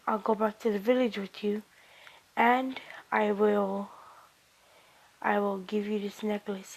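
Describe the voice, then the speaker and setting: Girl voicing a gruff hard-drinking ninja woman. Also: mid-range voice, poor audio. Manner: halting, restarts words while voicing.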